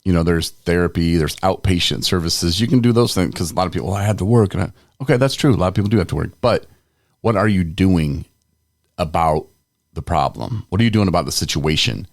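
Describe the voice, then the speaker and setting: Podcast co-host, young adult man, deep voice, dry close sound, candid storyteller who acts out quotes. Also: brisk, no echo. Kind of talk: casual chat.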